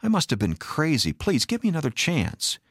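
A man's voice: low-pitched, expressive, moderate pace, no room sound, studio quality. A man voicing an unfaithful husband who pleads emotionally for forgiveness. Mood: pleading. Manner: begging, emotional.

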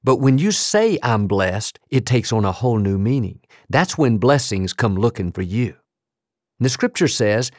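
A man's voice: medium pitch, big pitch swings, a little slow, no echo, studio quality. A middle-aged male pastor preaching a sermon with emphatic, repeated declarations and punchy rises on key phrases.

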